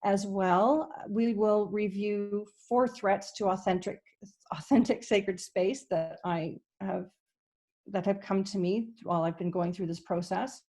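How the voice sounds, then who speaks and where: A woman from Canada giving an online conference presentation, earnest and hesitant, often pausing with ums and restarting her sentences. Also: medium pitch, fairly even intonation, mellow. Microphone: video call.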